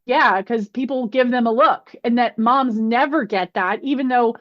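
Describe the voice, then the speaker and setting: Earnest woman guest, reflective, raised pitch, dull lo-fi line. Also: normal speed. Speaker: guest presenter. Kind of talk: casual podcast chat. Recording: muffled lo-fi audio.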